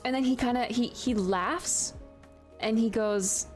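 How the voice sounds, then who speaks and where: A woman's voice: a little high, measured pace, soft background music. Chatty, giggly woman streamer. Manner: chatty and giggly, with many fillers. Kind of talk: casual chat while 3D modeling.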